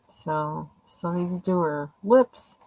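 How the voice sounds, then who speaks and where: A woman with a fairly low voice talks casually at home, showing her coloring pages and thinking aloud. Her chat is loose and rambling, full of small asides. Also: slow pace, a little mellow, poor audio. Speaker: coloring channel host. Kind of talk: casual show-and-tell.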